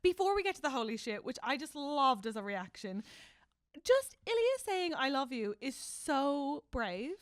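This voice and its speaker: Animated woman podcast co-host, dry sound. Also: high voice, moderate pace, no room sound. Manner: animated, swings between loud excitement and soft mock-tender quoting. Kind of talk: casual chat recapping a TV show.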